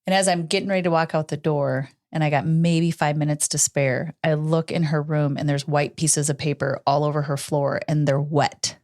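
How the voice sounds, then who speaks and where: Earnest woman co-host telling a story. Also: low voice. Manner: earnest storytelling, acts out quoted dialogue. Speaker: podcast co-host. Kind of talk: casual chat.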